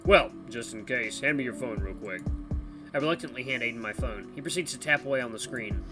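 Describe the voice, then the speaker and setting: A man's voice: mid-range voice, fairly quick, natural voice. A man reading a proud, friendly young guide. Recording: background music under voice.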